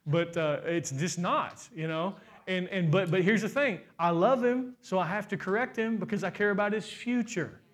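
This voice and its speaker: A young adult man preaching a sermon, asking the congregation questions and building to loud, emphatic shouts. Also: sits high, normal speed, hardly any pauses. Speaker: pastor.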